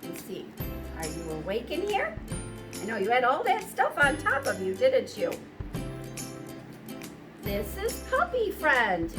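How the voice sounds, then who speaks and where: A woman kindergarten teacher talking gently to young children, her high voice swooping in a sing-song way. She speaks slowly and clearly, as if to five-year-olds, with faint music in the background. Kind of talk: welcome video and read-aloud for young children.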